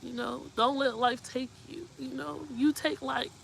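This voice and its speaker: A woman's voice: high-pitched, fairly even intonation, a little slow, gravelly, a little hiss or hum, rough recording. A woman hosting a live talk show, speaking earnestly and emotionally as she gives heartfelt advice and keeps asking if you know what she means. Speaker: host.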